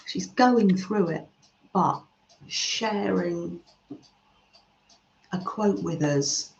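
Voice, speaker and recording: Slow, soft-spoken woman, roomy sound. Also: fairly low pitch, creaky. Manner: soft-spoken, murmurs "mm" often, trails off mid-sentence. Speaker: craft live-stream host reading chat. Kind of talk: slow, gentle chat while crafting. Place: home craft room. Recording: roomy, slightly dull home recording.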